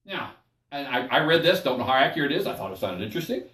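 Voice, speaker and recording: A man's voice: medium pitch, very animated, quick pace, fairly bright tone. An older man and pastor leading a Bible study sermon in a folksy, conversational way, often checking in with his listeners. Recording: echoey room, mic at a distance.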